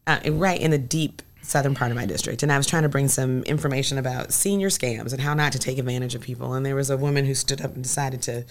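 A woman with a notably low voice talks politics as a guest, emphatic and rallying. She is from Illinois and presses her points hard, repeating lines for effect. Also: quick pace, hardly any pauses. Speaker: state senator guest. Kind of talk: political chat.

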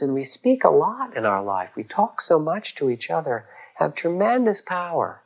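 A man giving a dharma talk as a meditation teacher, gentle and reflective, pausing often and rising in emphasis on key words. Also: a little high, poor audio.

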